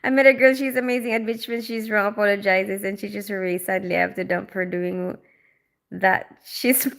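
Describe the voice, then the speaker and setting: Woman chatting on a livestream, kinda high voice, rambly, laughs a lot. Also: sharp tone. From Philippines. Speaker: livestream host. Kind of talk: casual livestream chat, reading comments aloud.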